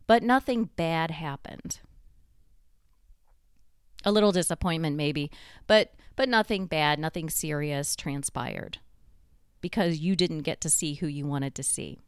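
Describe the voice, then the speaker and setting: A woman giving a reflective motivational talk, slowing down to stress key points and building them through repeated phrases. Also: deep voice, clear, resonant tone, dry recording, clean studio sound. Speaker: motivational speaker.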